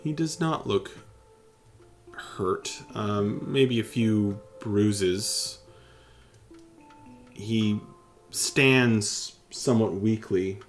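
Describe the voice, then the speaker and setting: A man narrating as game master for a tabletop game, slowly and haltingly, restarting his phrases. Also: fairly low pitch, soft background music.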